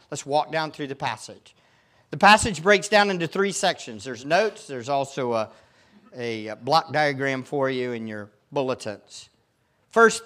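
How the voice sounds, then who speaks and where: A man's voice: mid-range voice, a bit bright. A male pastor preaching a sermon, emphatic and fond of putting rhetorical questions to his congregation.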